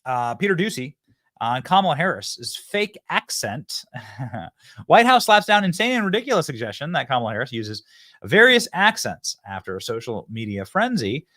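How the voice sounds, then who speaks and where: A man's voice: mid-range voice, normal speed, dry recording, studio quality. A man hosting a political commentary show, talking in a casual, mocking way and laughing often. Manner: animated, sarcastic, laughs often. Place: studio.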